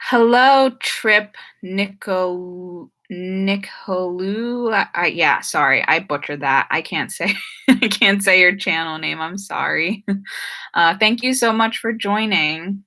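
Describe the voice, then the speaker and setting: A young woman with a New Jersey and Philadelphia accent talks casually on a live stream, filling her sentences with "like" and "um" and sometimes tripping over her words. Her voice sits slightly low and sounds bright and sharp. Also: measured pace. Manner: chatty, frequent "like" and "um", trips over words. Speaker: YouTuber hosting a live stream Q&A.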